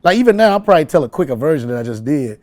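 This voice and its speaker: A man, a comedian telling a story in an interview, animated and laughing often as he acts out voices. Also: on the high side, rapid-fire. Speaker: comedian guest.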